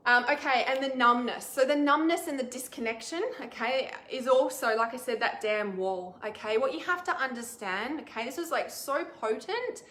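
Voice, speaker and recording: A woman's voice: on the high side, bright, forceful tone. A woman hosting a casual live stream as an intuitive healer, chatty and reassuring, with lots of fillers and asides. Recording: echoey room.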